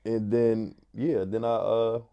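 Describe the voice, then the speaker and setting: Mellow-voiced man with a Philadelphia accent. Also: on the low side, little pitch movement, slow, clean tone, lo-fi sound. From West Philadelphia. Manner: laid-back, many "like" fillers. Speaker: guest, artist and DJ. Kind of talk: casual interview storytelling.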